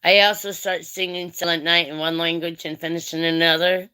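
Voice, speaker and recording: A woman's voice: fairly low pitch, little pitch movement, a little fast, bright, forceful tone, clear, resonant tone. A woman hosting a casual craft chat livestream, talking in a folksy, affectionate way straight to her viewers. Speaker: live-stream craft chat host.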